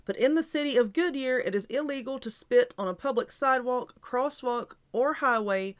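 A middle-aged woman reads an article aloud on her own show, tossing in chatty asides and small laughs. Her voice sits a little high for a woman. The tone is loose and conversational. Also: moderate pace. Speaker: host. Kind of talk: casual chat reading an article.

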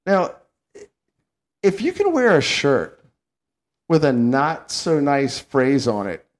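Animated Southern-raised man telling stories. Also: on the high side, slow pace. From Southern United States. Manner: animated storyteller, laughs often. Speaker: podcast host. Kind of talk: casual chat.

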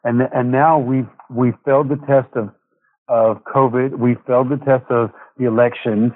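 A man speaks slowly and thoughtfully as a guest, pausing on fillers and restarting his thoughts. His voice comes through a tinny phone line. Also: mid-range voice, steady tone, no room sound. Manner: reflective, halting with fillers. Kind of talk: casual faith conversation.

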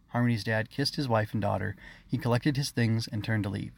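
A man narrating his own children's story in a measured, expressive reading. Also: on the low side, vocal fry.

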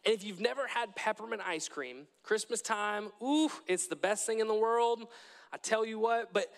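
Young male preacher, high-pitched, earnest and repetitive, large reverberant hall. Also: a bit bright, clean tone. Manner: earnest, repetitive, with frequent restarts. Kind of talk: sermon.

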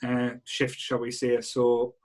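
A man co-hosting a relaxed podcast chat, with a voice pitched at an ordinary middle level. He speaks in a measured way, often circling back and repeating words as he finds his point. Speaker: podcast co-host. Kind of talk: casual chat.

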